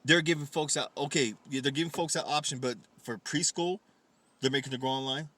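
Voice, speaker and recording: A man's voice: mid-range voice, brisk, sharp tone, no room sound. A man hosting a casual comedy podcast, swearing freely, teasing his co-host and laughing often.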